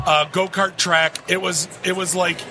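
A man from the Detroit area hosting a podcast from a convention booth, rambling through joking stories with quick asides. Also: high voice, little pitch movement, loud music behind the voice. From Detroit area, Michigan. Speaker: podcast host. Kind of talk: casual convention chat. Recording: noisy convention floor.

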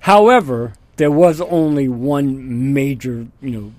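A man speaks in a measured way, chiming in often with short agreement. His voice has a middling pitch. The sound is dry and close. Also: a little mellow, no echo. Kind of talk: casual discussion.

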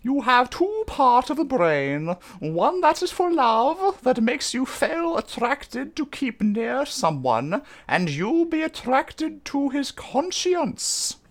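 A woman's voice: high-pitched, big pitch swings, slow pace, hardly any pauses, exaggerated voice. Woman doing a prim mock-British poster. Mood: mock-serious. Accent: put-on British. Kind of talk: comedic reading of a post aloud.

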